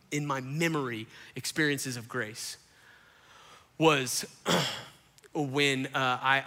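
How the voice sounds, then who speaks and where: Man, pastor, animated sermon, very bright tense voice, long hall reverb. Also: mid-range voice. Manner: animated, acts out quotes, addresses crowd as y'all. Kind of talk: storytelling sermon. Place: church auditorium before a congregation.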